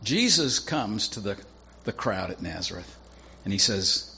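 A man's voice: fairly low pitch, very animated, measured pace, sharp tone. Guy preaching a sermon, chatty storyteller, kinda dull recording with faint hiss. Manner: conversational, folksy storytelling with asides. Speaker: pastor.

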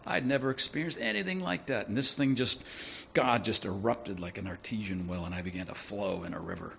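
Male preacher, conversational sermon delivery with questions to the audience; gravelly and low. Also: a little fast, fairly bright tone, slight background noise.

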